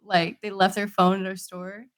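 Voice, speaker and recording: A woman's voice: mid-range voice, level tone, normal speed, a bit bright. A woman co-hosting a podcast in casual chat, chatty and self-deprecating, laughing often. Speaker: podcast co-host.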